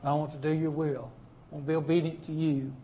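A man voicing a humble son who speaks softly and earnestly to his father. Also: a little high, level tone, fast, slight background noise, natural voice.

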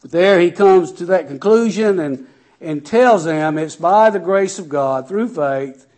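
A man's voice: a little slow, a little mellow. A man preaching a sermon, reading scripture aloud and then explaining it in plain words, his voice rising and falling for emphasis. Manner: raises and lowers his voice sharply for emphasis.

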